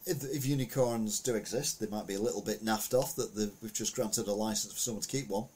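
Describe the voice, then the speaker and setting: A man's voice: lowish voice, fairly quick, a little mellow, slightly rough. A man giving a casual, rambling commentary on the week's news, full of anecdotes and asides.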